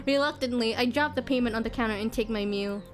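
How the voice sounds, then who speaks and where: A woman streamer reads a visual novel's narration aloud in a slightly high voice, casual and easily amused. She keeps slipping into giggles between lines. Soft game music plays faintly behind her. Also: fast talker. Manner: giggly, breaks off into laughter.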